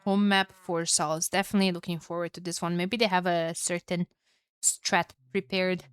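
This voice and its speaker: A woman commentating a strategy game alone for her live chat, chatty and excitable, tired and with a headache. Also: lowish voice, normal speed, smooth, dry recording. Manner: chatty, excitable, swears and laughs at herself. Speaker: esports caster.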